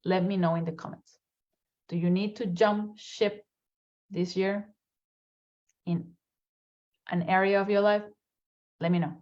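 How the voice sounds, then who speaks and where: A woman speaks as a motivational coach, sharing personal stories at an unhurried pace. Her voice sits in a middle register for a woman, and the recording sounds a little dull. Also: medium pitch, steady tone, darkish tone. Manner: slow, storytelling, with frequent laughs and fillers. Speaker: high performance coach. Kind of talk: motivational video monologue.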